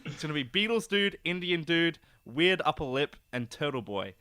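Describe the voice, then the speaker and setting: A young man co-hosting a comedy podcast, talking in an animated, sarcastic, rambling way. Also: on the high side, moderate pace, background noise. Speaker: podcast co-host. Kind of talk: casual comedic chat.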